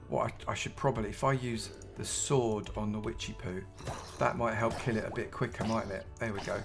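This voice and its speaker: Chatty British man, bright voice. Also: mid-range voice. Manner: chatty, talks to himself and the mobs, bursts into excited shouts. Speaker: gaming YouTuber. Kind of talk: live gameplay commentary.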